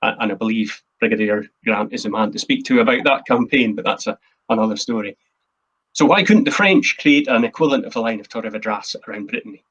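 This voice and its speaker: A man's voice: on the low side, quick pace, fairly bright tone, breathy edge, dull audio. A man, the host and a historian, giving an earnest, emphatic history talk from his notes. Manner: earnest, emphatic, quotes speeches in a plain voice.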